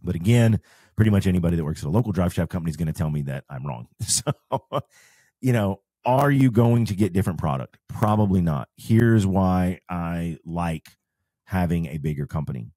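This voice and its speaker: A man's voice: low voice, expressive, brisk, mellow, no room sound, studio quality. A man, co-hosting a podcast and explaining off-road parts step by step in casual talk. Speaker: podcast host and off-road shop owner. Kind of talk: casual advice chat.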